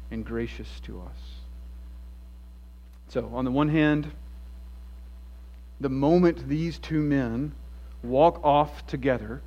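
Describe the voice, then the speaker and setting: Male pastor, earnest sermon, medium pitch, slightly muffled lo-fi audio. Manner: earnest, storytelling, shifts between emphatic and hushed. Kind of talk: expository sermon. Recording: dull lo-fi sound.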